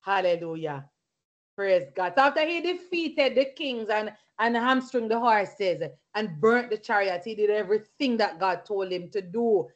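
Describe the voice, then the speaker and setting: With a mid-range voice, a moderate pace and hardly any pauses, a woman leads a Bible study as a fervent sermon and shares personal testimony. She breaks into hallelujahs and praise between points, and the recording is lo-fi.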